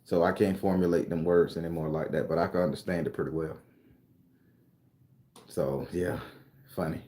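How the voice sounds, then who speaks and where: A middle-aged man from South Carolina, casually telling stories and answering viewer comments on a livestream in a loud, profane, laughing way. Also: deep voice, normal speed. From South Carolina, USA. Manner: animated, profane, laughing storyteller. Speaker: YouTube tarot reader and storyteller. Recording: roomy echo.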